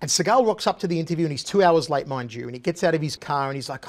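A man in middle age spins a funny story with lots of energy. His voice sits high for a man, and he uses a casual, chatty style. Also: very fast, hardly any pauses. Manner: animated, comic storyteller. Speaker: guest, former TV interviewer.

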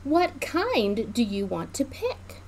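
A woman's voice: fairly high pitch, big pitch swings, slow, a little hiss or hum, heavily acted. A woman reading as a friendly farmer rabbit. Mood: welcoming. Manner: kindly, welcoming.

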